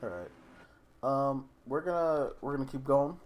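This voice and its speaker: A man's voice: mid-range voice, animated, moderate pace, a little mellow. A man narrating as game master in a casual tabletop session, talking loosely with filler words.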